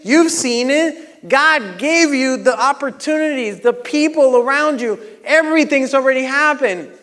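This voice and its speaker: A man leading a live motivational workshop on a microphone, energetic and coaxing, shouting encouragement at the group. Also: extremely high pitch. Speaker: workshop leader. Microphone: handheld microphone. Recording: long hall reverb.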